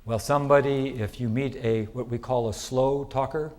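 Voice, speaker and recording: A middle-aged man giving a conference lecture in a lively, chatty way, asking the audience questions. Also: mid-range voice, normal speed. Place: lecture hall.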